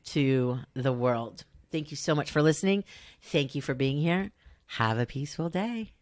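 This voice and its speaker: A woman's voice: deep voice, expressive, normal speed, a little mellow, no room sound, clean studio sound. A middle-aged woman with a Valley girl accent, hosting her own podcast in a chatty, upbeat way. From Southern California. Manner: upbeat, chatty, frequent fillers and laughs. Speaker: podcast host. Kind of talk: casual solo podcast talk.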